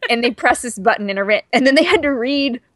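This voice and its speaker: A woman's voice: fairly high pitch, animated, quick pace, fairly bright tone, dry recording, clean studio sound. A woman co-hosting a podcast in casual chat, gushing and chatty with lots of fillers. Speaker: podcast co-host.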